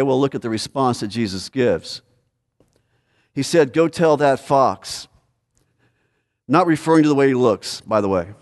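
A man preaching a conversational expository sermon, asking questions and pressing his points with emphasis. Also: mid-range voice. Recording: hall reverb.

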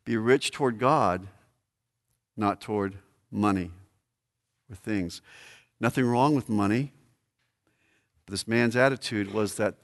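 A man preaching a sermon as pastor, emphatic, swinging between loud declarations and hushed asides. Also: mid-range voice, unhurried, long pauses, long reverb tail.

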